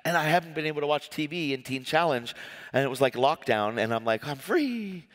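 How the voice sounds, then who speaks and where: A man's voice: mid-range voice, fast. Man preaching in an echoing hall. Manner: animated, emotional storytelling with many restarts. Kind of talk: personal testimony sermon. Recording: long hall reverb.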